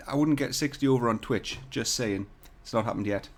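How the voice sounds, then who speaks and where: A man's voice: medium pitch, brisk. Chatty man streaming live. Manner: chatty, jokey, swears casually, talks to viewers. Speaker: CAD tutorial livestream host. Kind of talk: casual livestream chat. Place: hotel room. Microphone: desk mic without shock mount or pop filter.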